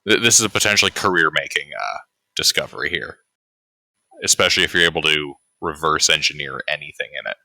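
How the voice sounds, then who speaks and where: A man's voice: very deep voice, fast talker, gravelly, pushed and bright, no room sound. A man running a tabletop game as game master, laid-back, laughing often and swearing casually, talking over a remote call mic.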